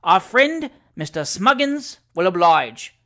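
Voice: mid-range voice, big pitch swings, slow, a bit bright, exaggerated voice. A reader voicing a little pompous bald man who chairs a tavern singing club, announcing with condescending grandeur.

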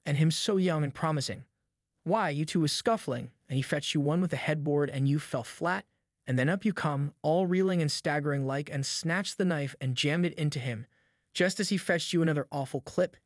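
Man reading as a menacing backwoods avenger, cold drawl, fairly high voice, dry booth sound, audiobook. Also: moderate pace, no echo, lightly acted.

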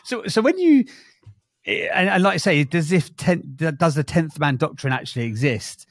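A man's voice: fairly high pitch, lively intonation, normal speed, dry recording, clean studio sound. A man hosting a podcast, asking curious, amused questions of his guest. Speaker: podcast host. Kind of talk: interview questions.

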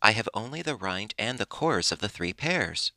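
A man voicing a patient, gentle old father who lectures mildly and never loses his temper. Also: lowish voice, big pitch swings, normal speed, dry recording, heavily acted.

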